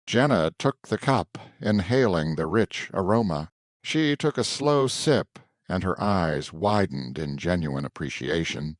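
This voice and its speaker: A man narrating a scripted story in an even, descriptive manner. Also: sits low, unhurried, no echo, studio quality.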